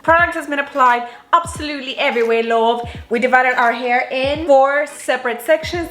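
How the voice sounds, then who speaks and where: A woman's voice: on the high side, fairly bright tone. A woman vlogger giving a casual hair-styling how-to, chatty, cursing offhand and talking to herself as she goes. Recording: roomy echo with faint music.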